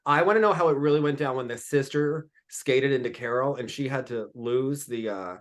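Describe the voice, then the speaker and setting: A man co-hosting a podcast in casual chat, gossipy and sassy, with animated asides. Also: mid-range voice, normal speed. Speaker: podcast co-host.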